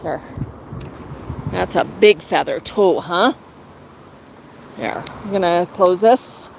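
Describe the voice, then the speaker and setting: Speaking slowly in a low, creaky, animated voice, a woman hosts a casual livestream from a shaded patio, chatting with viewers. She coaxes her parrots in playful, sing-song baby talk, and the cell phone audio picks up faint traffic outside.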